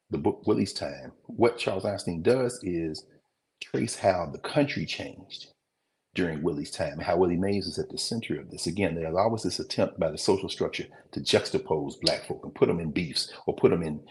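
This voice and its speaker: A man teaching a class in a loose, conversational way, wandering off on asides and pausing to recall details. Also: low voice, darkish tone. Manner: conversational, digressive, with mid-sentence recall pauses. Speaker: teacher hosting a class show. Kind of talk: lecture, talking to viewers.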